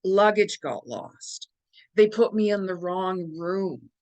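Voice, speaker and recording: A middle-aged woman talking casually to camera as a psychic giving astrology advice, chatty and animated, acting out quoted reactions with big jumps in her voice. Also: mid-range voice, slow pace.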